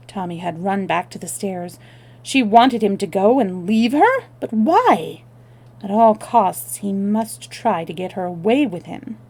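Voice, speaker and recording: Brief: expressive woman storyteller, livestream novel reading, mid-pitched. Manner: expressive reading with small self-corrections.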